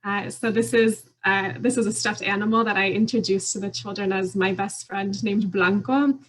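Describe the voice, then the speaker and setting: A woman's voice: mid-range voice, fairly even intonation, moderate pace, rough recording. A woman lawyer giving an earnest, explanatory conference presentation with occasional fillers. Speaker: immigration attorney.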